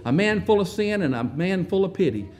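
A man preaching a sermon, telling the story with wry asides and often clearing his throat. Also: high-pitched, lively intonation, fairly quick, a little mellow.

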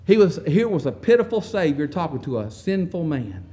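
Guy preaching a sermon, voice swoops all over, clears his throat a lot, wry little jokes. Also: a little high, a little fast, few pauses. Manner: animated storytelling, wry asides, frequent throat clearing.

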